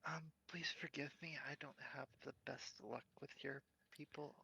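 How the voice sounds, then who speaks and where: Gravelly, bright-voiced player, hesitant. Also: male voice, on the high side, fairly even intonation, normal speed, rough recording. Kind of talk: playing a tabletop game.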